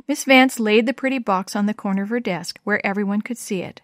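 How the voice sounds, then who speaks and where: A woman reading a Christmas story aloud in a gentle, measured storytelling manner. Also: medium pitch, no room sound, clean studio sound. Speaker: story reader.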